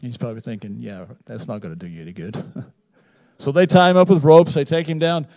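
A man preaching a sermon, retelling a Bible story with wry humor and big swings between loud emphasis and quiet asides. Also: mid-range voice, brisk. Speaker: pastor.

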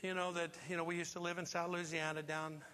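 Bright, high-voiced preaching man. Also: level tone, quick pace, clear, resonant tone, long reverb tail. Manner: emphatic preaching with repeated rhetorical questions. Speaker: pastor. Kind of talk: sermon. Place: church sanctuary.

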